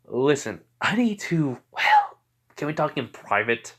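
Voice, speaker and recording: A man's voice: on the high side, huge pitch swings, measured pace, fairly bright tone, slightly rough, pitched above the performer's own voice, heavily acted. A man voicing an earnest, worried teenage boy hero in a casually told fan story. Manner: casual retelling in a plain voice.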